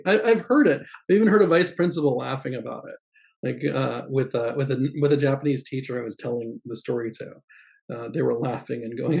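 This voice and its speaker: A man's voice: mid-range voice, normal speed, creaky, mellow. A man giving a casual teaching vlog, rambling and hesitant, with many fillers and light laughs. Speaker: assistant language teacher trainer. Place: Japan.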